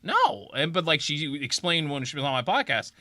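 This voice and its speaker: A man hosting a casual podcast, enthusiastic and quick with interjections. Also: a little high, sing-song, sharp tone, dry recording. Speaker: podcast host.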